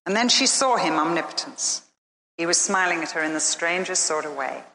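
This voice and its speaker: A woman preacher giving a sermon and telling a story, earnest and emphatic with slow, dramatic pauses. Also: on the low side, lively intonation, bright, forceful tone, slight background noise. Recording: echoey hall.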